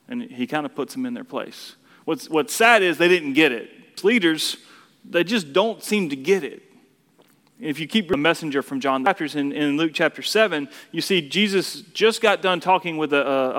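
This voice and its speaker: A man's voice: a little high, lively intonation, normal speed, fairly bright tone. A man preaching a casual, conversational sermon, often repeating words as he builds each point. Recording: long reverb of a hall.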